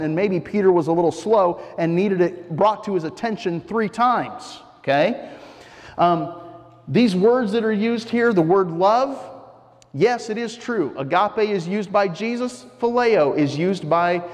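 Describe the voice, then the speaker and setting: Guy preaching in a church, kinda high voice, chatty and explaining, lots of echo tail from the hall. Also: darkish tone. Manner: conversational, explains and asks rhetorical questions. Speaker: pastor. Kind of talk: sermon.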